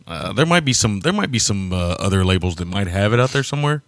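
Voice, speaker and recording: A man's voice: fairly low pitch, very animated, fast, no echo, studio quality. A man co-hosting a casual film chat podcast, rambling, chuckling and tripping over foreign names. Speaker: podcast co-host.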